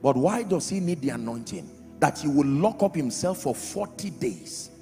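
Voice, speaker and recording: A man preaching a sermon as pastor, emphatic, swinging from loud shouts to quiet drops. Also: fairly high pitch, animated, normal speed. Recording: reverberant hall with faint music.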